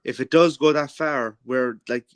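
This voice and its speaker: An Irish man at an ordinary middle pitch, chatting on a podcast. He talks bluntly and swears freely. His stories come out in a loose, easygoing flow. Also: moderate pace, crowd noise. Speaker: podcast host. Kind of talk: casual chat.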